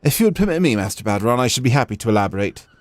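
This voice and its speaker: A man voicing a formal, stern naval commodore in a game, speaking in a measured, official way. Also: mid-range voice, very animated, close to an everyday voice. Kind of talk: reading game dialogue aloud on a stream.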